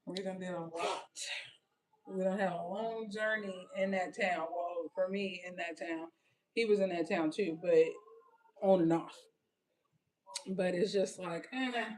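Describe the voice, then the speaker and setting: A woman from California co-hosting a casual livestream, lively and quick to chime in and laugh. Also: fairly low pitch, distant mic, rough recording. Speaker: livestream co-host.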